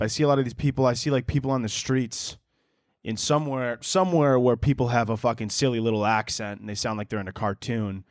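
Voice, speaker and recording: A man's voice: medium pitch, no room sound, studio quality. A young man hosting his own comedy podcast, rambling alone through crude, self-mocking banter. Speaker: podcast host. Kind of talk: solo comedic podcast rant.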